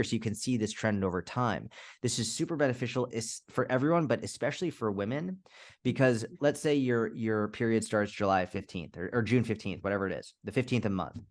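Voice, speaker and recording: A man being interviewed as a fitness coach, speaking casually and candidly, swearing now and then and acting out little scenarios. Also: lowish voice. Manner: candid, swears, quick restarts, acts out scenarios. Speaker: fitness coach, podcast guest.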